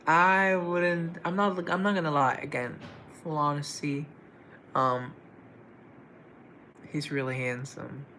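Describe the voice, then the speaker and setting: Gravelly-voiced man chatting on a live stream. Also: on the high side, little pitch movement, slow, long pauses, bright, forceful tone, a little hiss or hum, rough recording. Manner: chatty, greets viewers and answers chat comments. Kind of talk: casual live stream chat.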